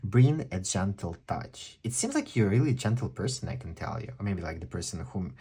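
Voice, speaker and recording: A man with a non-native English accent giving a chatty, excitable pick-a-card tarot reading. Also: low voice, fairly quick, slightly rough. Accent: non-native English speaker. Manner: chatty, excitable, exclaims often. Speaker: tarot reader.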